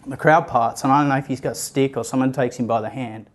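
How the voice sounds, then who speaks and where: A man's voice: medium pitch, fairly even intonation, quick pace. A young man giving a sermon, telling a story and acting out the voices of the people in it. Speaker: preacher.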